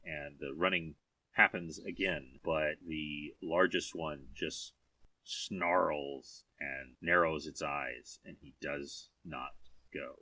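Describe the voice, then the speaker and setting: A man's voice: rumbling low, steady tone, slow pace, sharp tone, recorded from a distance. A man narrating a tabletop game as game master, telling the scene in vivid descriptive detail.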